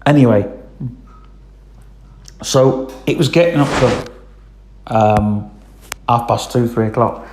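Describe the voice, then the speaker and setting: A man's voice: medium pitch, slow, pauses often, darkish tone, roomy sound, slight background noise. A man telling a long casual story, rambling with lots of ums and "I says". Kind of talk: casual spoken anecdote.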